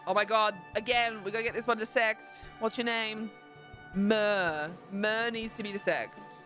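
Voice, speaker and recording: A woman's voice: medium pitch, steady tone, a little slow, fairly bright tone, soft background music. A young woman livestreaming, chatting casually and rambling with lots of fillers while she plays, sleepy and yawning. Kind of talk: casual chat while gaming.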